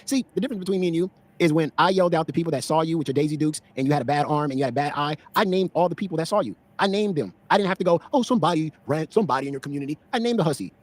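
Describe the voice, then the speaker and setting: A man's voice: on the high side, very fast, few pauses. A man heckling someone on his own stream, mocking and emphatic as he calls out names. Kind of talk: taunting livestream callout.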